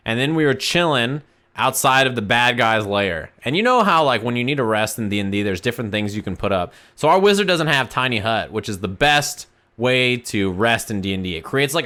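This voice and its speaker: Speaking fairly quickly at a medium pitch, this streamer loosely spins a long-winded anecdote for his chat. His delivery is lively and full of profanity.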